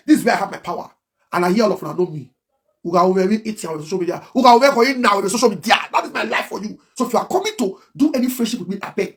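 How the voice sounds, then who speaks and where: Fast, high-voiced Nigerian man ranting. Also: a little mellow. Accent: Nigerian Pidgin English. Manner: emphatic, repetitive, heated. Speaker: blogger. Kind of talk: livestream rant.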